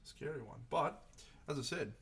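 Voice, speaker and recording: A man's voice: a little high, expressive, a little fast, creaky, husky. A man chatting casually on a live stream while painting miniatures, reflective and rambling, often restarting his sentences. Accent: Australian.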